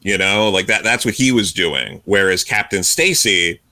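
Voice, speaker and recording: Male co-host, low and sharp-toned, dry mic, fast emphatic talker who stumbles on his words. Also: dry recording. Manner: quick bursts of agreement, stammering restarts. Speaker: podcast co-host. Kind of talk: casual comic book discussion.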